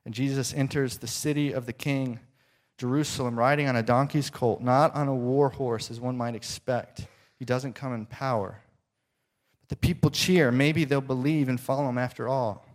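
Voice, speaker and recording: A male preacher telling a story in a dramatic sermon, often dropping to soft, hushed tones. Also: medium pitch, fairly even intonation, moderate pace.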